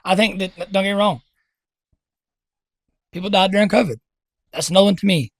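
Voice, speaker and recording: A man's voice: high voice, fairly quick, no echo. Blunt, talkative male podcast co-host. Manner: blunt, loose and profane, jumps in over others. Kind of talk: casual chat.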